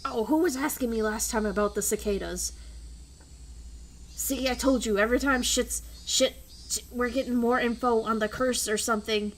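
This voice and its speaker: Animated swearing woman streamer. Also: a little high, moderate pace, a little hiss or hum. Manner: animated, loud and profane when ranting. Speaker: streamer reading a visual novel. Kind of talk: casual streamed read-aloud with chat.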